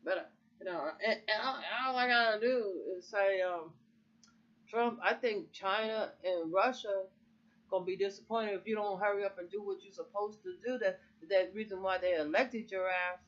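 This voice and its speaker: A woman's voice: medium pitch, fairly even intonation, normal speed. Woman, middle-aged, casual heated rant, swears constantly, rambles, muffled lo-fi recording. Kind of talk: casual political rant to camera.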